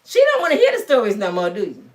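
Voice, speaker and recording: A woman's voice: mid-range voice, rapid-fire. A woman in her fifties casually telling stories to her live viewers from home, acting out the people in them. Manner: animated, acts out voices of people in her stories. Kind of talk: casual storytelling live stream.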